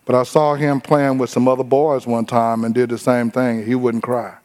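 A man preaching a sermon in a lively, humorous way, acting out other people's voices now and then. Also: mid-range voice, moderate pace. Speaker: pastor.

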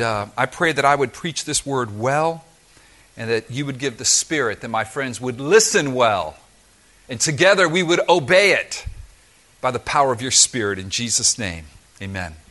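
Man, pastor, sermon, bright tone, slightly high voice, emphatic, humorous. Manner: lively, emphatic preaching with humor.

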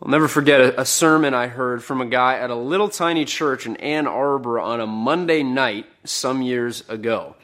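A man preaching a sermon in an earnest voice, rising when he quotes an outburst and dropping to a hush on the heavy lines. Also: medium pitch, moderate pace, hardly any pauses.

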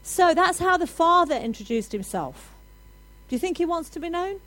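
A woman preaching a sermon to a congregation, animated and building to loud, emphatic declarations. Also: very high voice, normal speed, low-quality recording.

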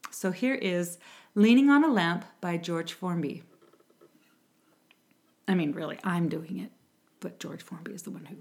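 A woman's voice: lowish voice, creaky, a little mellow. A woman who sings for a music ministry, talking casually to viewers before a song, chatty and meandering with frequent asides. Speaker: music ministry singer and host.

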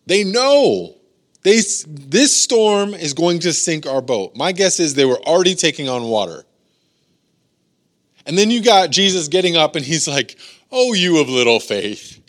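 A pastor with a slightly high voice gives a loose, conversational sermon. He talks with plenty of "like" and "you know," and he acts out voices as he goes. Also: lively intonation, unhurried. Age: adult, has daughters. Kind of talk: casual youth sermon.

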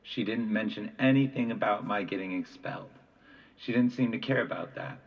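A man's voice: fairly low pitch, moderate pace, distant mic, lo-fi sound. A man reading a novel aloud as first-person narration in a plain, conversational manner. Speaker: audiobook reader.

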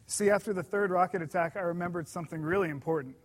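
High-voiced man preaching an earnest sermon. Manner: earnest and emphatic, slows down to stress key words.

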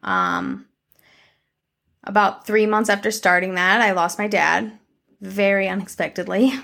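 A woman's voice: medium pitch, animated, measured pace, gravelly, a bit bright. A young woman telling a candid personal life update to her camera in a casual, conversational way, full of fillers and the odd swear word. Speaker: vlogger.

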